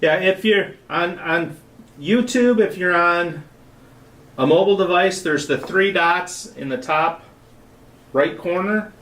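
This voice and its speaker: A man's voice: sits high, takes it slowly, fairly bright tone. Man, co-host, dry matter-of-fact delivery, distant from the mic, roomy echo. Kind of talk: casual livestream chat. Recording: echoey, off-mic in a room.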